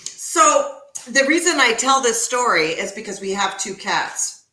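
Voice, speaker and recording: A woman's voice: on the high side, big pitch swings, pushed and bright, roomy sound, poor audio. A woman co-hosting a home cooking show, chatting casually and telling stories while she cooks. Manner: slow, storytelling, explains recipe steps. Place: home kitchen.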